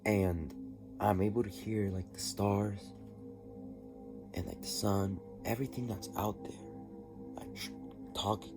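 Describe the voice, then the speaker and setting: A man telling a personal story in a diary vlog, halting and rambling with many restarts. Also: on the low side, fairly even intonation. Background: music.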